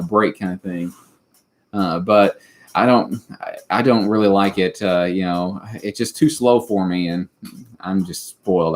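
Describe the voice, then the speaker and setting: A Kentucky man in his thirties with a Southern accent, hosting a casual livestream chat and rambling with many fillers. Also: on the low side. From Western Kentucky. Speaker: livestream host.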